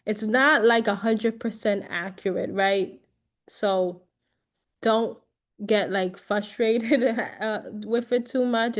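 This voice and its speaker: A woman teaching a casual online class on phone features, chatty and loose, with lots of fillers and little check-ins like "right?". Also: medium pitch. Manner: chatty, repeats herself, many fillers and "right?". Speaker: class instructor.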